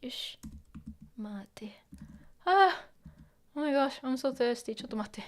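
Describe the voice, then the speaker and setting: A woman teaching a casual livestream lesson, chatting with viewers and muttering quietly to herself as she reads the chat. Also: sits high, expressive, a little fast, pauses often. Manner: chatty, mixes English with Japanese phrases, murmurs to herself. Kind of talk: casual live-stream lesson, reading chat.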